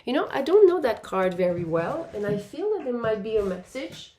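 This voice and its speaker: A woman's voice: fairly high pitch, sing-song, moderate pace, dark tone. A woman giving an intuitive pick-a-pile tarot reading, speaking in a meandering way and calling her viewers "my dear". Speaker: tarot card reader.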